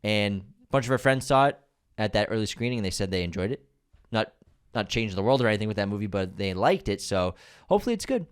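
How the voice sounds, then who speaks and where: Male podcast co-host, animated pitch swings, casual joking banter, reads reviews aloud. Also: fast, clean tone. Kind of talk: casual chat.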